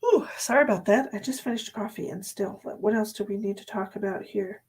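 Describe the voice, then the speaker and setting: A woman's voice: medium pitch, brisk, darkish tone, husky. A woman psychic medium giving a live-streamed reading, chatty and sleepy, thinking aloud with many fillers. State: sleepy, yawning.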